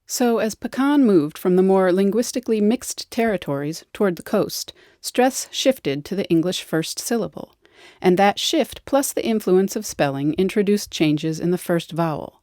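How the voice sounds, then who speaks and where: A woman's voice: mid-range voice, expressive, normal speed, warm tone, dry recording. A woman narrating a scripted educational explainer with a wry, lightly playful delivery, recorded on a close studio mic.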